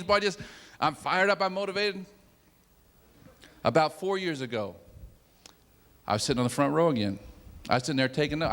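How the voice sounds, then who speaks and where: A man giving a motivational talk through personal stories, acting out his own excitement, in a large meeting hall. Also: fairly high pitch. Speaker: sales leader giving a talk. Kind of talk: motivational storytelling speech. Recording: long reverb of a hall.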